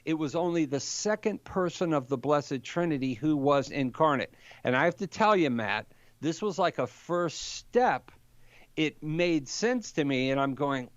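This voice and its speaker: Animated older man telling a story. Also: mid-range voice, unhurried, no echo, dull audio. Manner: animated storyteller, acts out quotes. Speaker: Catholic apologist guest. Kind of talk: casual conversation.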